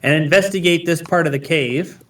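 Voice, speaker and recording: A man's voice: on the high side, normal speed, a bit bright, slight background noise. A man running a tabletop game as game master, describing scenes with frequent ums. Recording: voice far from the mic.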